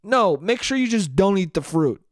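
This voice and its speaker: A man's voice: high-pitched, lively intonation, normal speed, dry recording, clean studio sound. Profane rambling young man monologuing. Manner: rambling, profane, laughs at own jokes. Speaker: podcast host. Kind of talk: solo comedic monologue.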